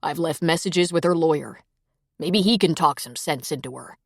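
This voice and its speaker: A man's voice: on the high side, moderate pace, vocal fry, dry recording, studio quality. A woman voicing a supportive male family friend who speaks in an earnest, plain way.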